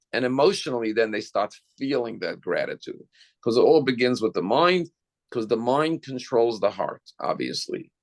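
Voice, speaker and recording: A man's voice: medium pitch, gravelly. A man giving a sermon as a rabbi, explaining step by step and asking the listeners rhetorical questions.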